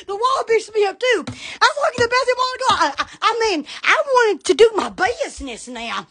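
A woman hosting a rambling live stream, giddy and laughing constantly, breaking into sudden shouts and squeals. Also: very high-pitched.

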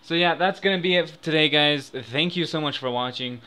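An excitable young man talks casually at his desk microphone at home, his voice bright and forceful. He drops to mutters one moment and yells the next as he bets and cheers. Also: a little high, fairly quick, clean tone. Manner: excitable, swings from mumbling to shouting. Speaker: gaming YouTuber. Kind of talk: casual gambling commentary. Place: home room.

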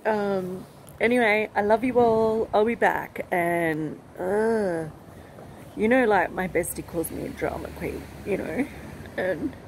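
A woman giving a personal vlog update, talking in an emotional, halting and rambling way. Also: medium pitch, slight background noise, low-quality recording. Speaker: vlogger. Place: outdoors with passing aircraft.

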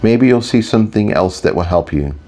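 A man voicing a confident, deadpan young woman mage in an audiobook. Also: lowish voice, brisk. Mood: calm. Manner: smooth, deadpan. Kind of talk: audiobook character voice.

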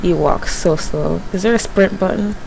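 A woman's voice: on the low side, normal speed, creaky, background noise. A woman in her early twenties commentating a horror game at home, panicky and self-mocking. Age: early 20s. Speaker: gamer. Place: home, windy night outside.

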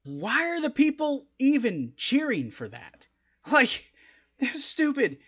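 A man reviewing a wrestling show, talking casually and getting exasperated, with a rambling, animated delivery. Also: very high-pitched, slow pace, highs cut off, very noisy.

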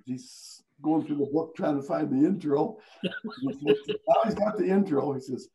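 Here the veteran Iowa radio man's voice sits a little high and moves at a moderate pace as he spins anecdotes, laughing through the funny parts. It's a rough recording with slight background noise.

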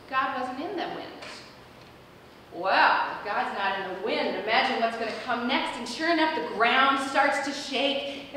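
A woman pastor preaching a sermon, telling a story with lively acted-out quotes. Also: high voice, distant mic, slight background noise. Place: large church sanctuary. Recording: echoey church hall recorded from afar.

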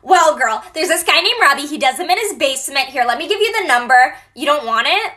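A woman's voice: sits high, expressive, fairly quick, bright, forceful tone. A woman playing a bragging teen girl who shows off a risky basement tattoo in a comedy sketch. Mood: boastful. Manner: boastful, chatty, oblivious.

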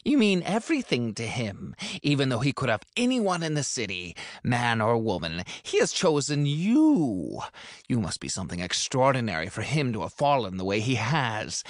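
A theatrical male supervillain, as a man puts him on, gloats and mocks his captive. The voice sits low and close, recorded in a dry booth for an audiobook. He relishes every threat. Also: very animated, normal speed, no room sound, close to an everyday voice. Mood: gloating. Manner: mocking, gloating. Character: smug, theatrical male supervillain who controls fire.

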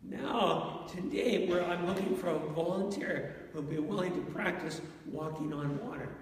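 An unhurried male pastor with a high, gravelly voice, preaching to a congregation and pausing to ask them questions. His voice rings through a large church with a long reverb tail. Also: distant mic. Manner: asks the congregation questions, storytelling. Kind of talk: interactive sermon. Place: church sanctuary.

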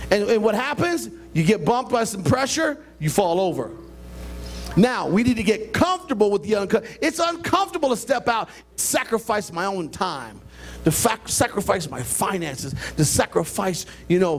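An older man preaching a sermon as a pastor, animated and conversational, with a hands-on demonstration. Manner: animated preaching with a hands-on demonstration, jumping between high and low voices. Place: church sanctuary.

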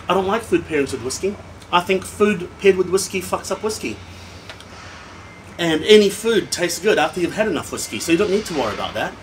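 A man's voice: a little high, a little hiss or hum, poor audio. A man reviewing a whisky in a casual vlog. He is a little tipsy, and he rants animatedly and swears freely between tasting notes.

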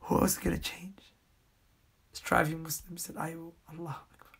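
Hushed, gravelly-voiced male preacher pleading. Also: on the high side, level tone, normal speed. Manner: earnest pleading, reading viewer comments aloud. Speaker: Islamic preacher. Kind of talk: live-stream sermon reading comments.

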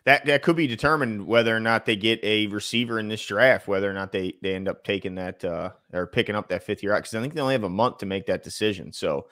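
Animated man hosting sports talk. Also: lowish voice, fast, hardly any pauses. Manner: animated, rambling, reads viewer comments aloud. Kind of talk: casual sports podcast chat.

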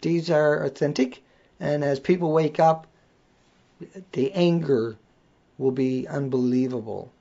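Gravelly yet warm, this accented man's slightly high voice is unhurried and full of pauses. As a livestream host he rants casually and bluntly, swearing freely, over dull lo-fi audio.

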